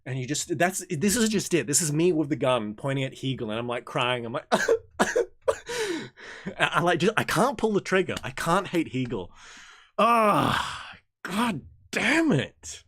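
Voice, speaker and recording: A young man hosting an occult reading group, reading passages aloud and rambling in jokey, animated tangents. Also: normal speed, no echo, studio quality. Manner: animated and jokey, swings from excited outbursts to low mumbles. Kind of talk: casual reading and commentary livestream.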